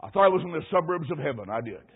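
A man's voice: a little high, big pitch swings, rapid-fire, gravelly, slightly rough. A man preaching a sermon, telling a folksy personal story with emphatic, rising lines. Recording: tinny phone-like radio broadcast.

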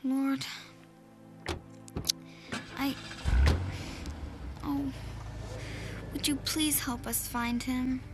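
A woman's voice: on the high side, moderate pace, over music, natural voice. A woman playing an earnest, bossy but caring teenage girl in a radio drama. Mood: pleading. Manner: earnest, commanding.

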